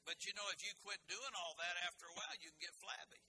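In a loose, folksy sermon, a male pastor with a fairly high voice talks fast, sounding pushed and bright, slipping into joking asides and stumbling over restarts. A clear hum of background noise fills the room behind him, and the recording is rough.

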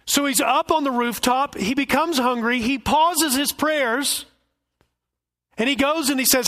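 A man's voice: very high voice, measured pace, pauses often, pushed and bright. A male pastor giving an expository sermon with folksy asides and jokes.

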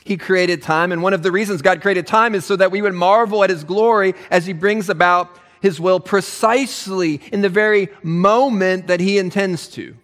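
A man preaching a sermon as pastor, animated and emphatic, with touches of humor. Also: high voice, moderate pace, hardly any pauses, in a large hall.

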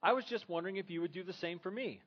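A man's voice: sits high, racing, fairly bright tone, muffled recording, voice pushed up. A man voicing an exasperated young wife who keeps pressing her husband with urgent questions. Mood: insistent.

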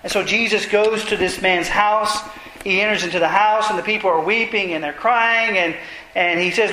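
A man's voice: sits high, normal speed, pushed and bright. A man preaching an expository sermon, retelling scripture passages earnestly and pressing his points with emphasis. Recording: roomy echo.

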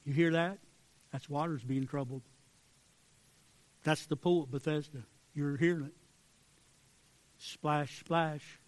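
A man preaching a fervent sermon, swinging between hushed pleading and loud emphasis. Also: a little high, steady tone, moderate pace, long pauses. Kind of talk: sermon with altar call.

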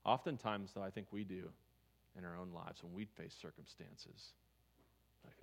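Speaking at a normal speed in a low voice, a man delivers a sermon as pastor. He keeps the tone conversational and directs questions to his listeners.

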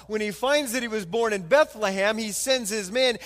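A man preaching a sermon as pastor, animated and acting out quoted voices. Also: sits high, moderate pace, long reverb tail.

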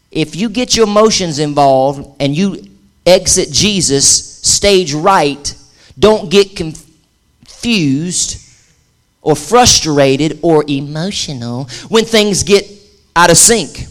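A male pastor preaching a lively sermon, mixing jokes and acted-out asides with shifting pace. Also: fairly high pitch, slow.

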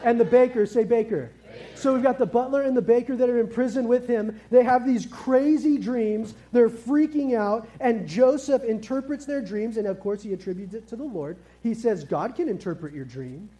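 A man preaching a casual, lively sermon to families, often asking the congregation questions and using easygoing slang. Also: extremely high pitch, moderate pace. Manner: lively, engages the audience with questions. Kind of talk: family sermon with kids present.

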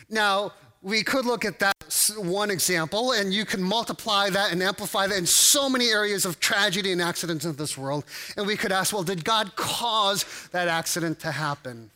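A man's voice: sits high, pushed and bright. A man preaching a sermon to a congregation, conversational and full of restarts and fillers. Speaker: pastor.

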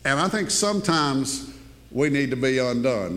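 A man's voice: medium pitch, expressive, measured pace. Man preaching in a reverberant hall. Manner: conversational preaching, swinging between hushed asides and raised emphasis. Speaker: pastor. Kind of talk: sermon. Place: church sanctuary.

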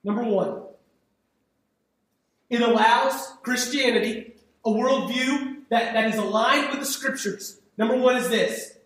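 A man's voice: very high-pitched, a little slow, a bit bright. A man preaching a sermon as pastor, in a conversational, emphatic way with frequent repeats and restarts. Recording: echoey hall, speaker far from the mic.

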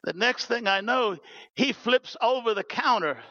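A man from New Zealand with a New Zealand accent, preaching a sermon through animated storytelling. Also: very high-pitched, a little slow, dull audio. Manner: animated, storytelling with acted quotes.

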